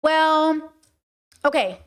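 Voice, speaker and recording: High-voiced woman chatting frankly. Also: expressive, drawn-out words. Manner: chatty, frank, checks in with listeners. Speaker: podcast host answering chat. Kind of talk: casual livestream talk.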